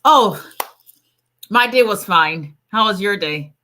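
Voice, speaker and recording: Woman attorney, chatty livestream host, bright tone, laughs easily with her viewers. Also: mid-range voice, lively intonation, slow pace. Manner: chatty and playful, laughs often, greets viewers by name. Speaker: immigration attorney. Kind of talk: casual livestream chat with viewers.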